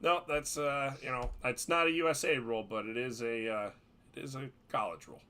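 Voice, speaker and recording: A man with a bright, forceful, somewhat tense voice talks on a podcast. He is a hockey referee, and he tells his stories emphatically, pressing hard on the key points. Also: medium pitch, brisk, clear, resonant tone. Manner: storytelling, emphatic. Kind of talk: podcast chat.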